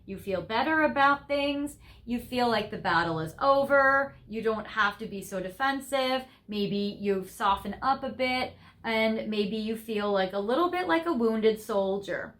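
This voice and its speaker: A woman's voice: mid-range voice, a bit bright. A young woman giving a tarot reading to viewers, gushing and effusive, laughing often as she talks through the cards. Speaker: tarot reader.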